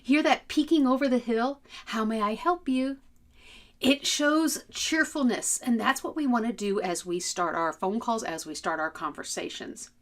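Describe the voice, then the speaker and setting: A woman giving an instructional talk as a communication trainer, lively and melodic, demonstrating voices as she goes. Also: fairly high pitch.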